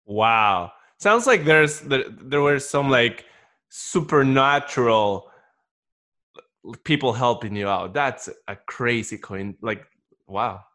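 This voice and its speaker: Male host, mid-pitch, casual and attentive, halting phrasing. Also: lively intonation, pushed and bright. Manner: attentive, halting, with fillers and restarts. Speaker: podcast host. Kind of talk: casual interview chat.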